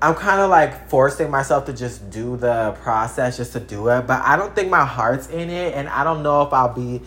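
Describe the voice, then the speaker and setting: Casual vlog chat, lively swearing talker, around thirty, texas-raised, voice jumping up and down. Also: moderate pace. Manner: animated and profane, big swings in pitch and loudness. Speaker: vlogger.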